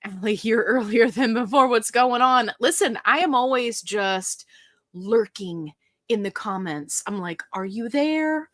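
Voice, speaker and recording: A woman's voice: a little high, a little slow, fairly bright tone, dry recording, clean studio sound. A woman hosting a casual live stream, chatting and greeting viewers by name in a bubbly, upbeat way. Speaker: livestream host.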